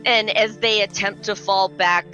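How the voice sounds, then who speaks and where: A woman's voice: medium pitch, fairly even intonation, unhurried, bright, forceful tone, highs cut off, soft background music. A woman narrating as game master in a tabletop game, often laughing as she describes the scene.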